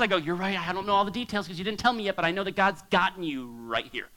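A male pastor preaching a sermon to a congregation, swinging between hushed asides and near shouts. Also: high voice, expressive, fairly quick, poor audio. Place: church hall with a congregation.

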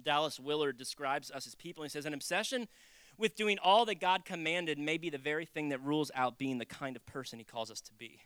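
Bright-voiced pastor preaching in a dry room. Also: male voice, on the high side, lively intonation, fairly quick, clean tone, no echo. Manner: conversational preaching, swinging between loud acted quotes and hushed asides. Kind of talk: sermon.

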